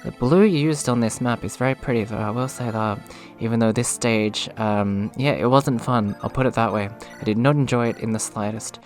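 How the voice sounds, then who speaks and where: A man's voice: medium pitch, moderate pace, hardly any pauses, faint music behind. Rambling, joking male gamer. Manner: rambling, self-deprecating, laughs at own jokes. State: voice slightly worn. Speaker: let's play gamer. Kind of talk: casual gameplay commentary.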